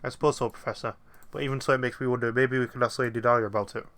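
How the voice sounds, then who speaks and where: An eager young boy apprentice from a puzzle game, earnest and full of questions, read out by a man. Bright tone, quick pace. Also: mid-range voice, steady tone, lightly acted. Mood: curious.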